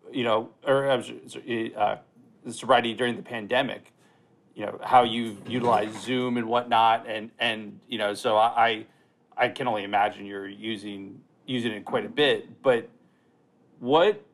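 A man hosting a podcast who asks a guest questions, reflective and halting, with many restarts. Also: medium pitch, a bit bright. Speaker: podcast host. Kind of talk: casual interview.

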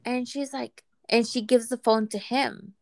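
A woman casually telling a personal story in a relaxed, chatty way, sometimes acting out what people said. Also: fairly high pitch, unhurried, creaky. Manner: relaxed, chatty, acts out quoted voices.

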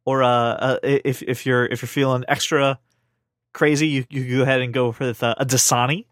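A man co-hosting a podcast in casual chat, animated and rambling, with many restarts. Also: medium pitch, normal speed, dry recording, studio quality. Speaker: podcast co-host.

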